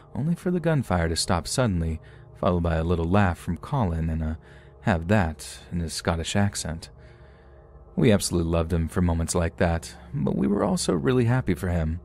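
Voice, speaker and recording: A man narrating scary true stories in a steady, scripted storytelling manner. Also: deep voice.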